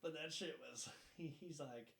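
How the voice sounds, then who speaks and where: A young man tells crude stories in a casual podcast chat. His voice is bright and a little tense and sits fairly high, and he laughs through his punchlines. The room adds a clear echo. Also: unhurried. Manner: crude, laughing storyteller who acts out others loudly. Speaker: podcast host telling stories.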